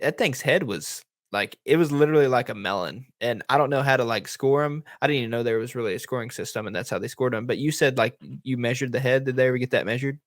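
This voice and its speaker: A man, a podcast co-host chatting casually and asking relaxed follow-up questions. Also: medium pitch, no room sound, clean studio sound. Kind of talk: casual chat.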